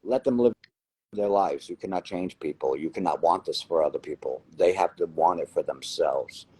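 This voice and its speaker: Husky low-voiced New Jersey man. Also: normal speed, no room sound, poor audio. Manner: animated, repeats phrases for emphasis. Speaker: lottery winner guest. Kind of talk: casual interview storytelling.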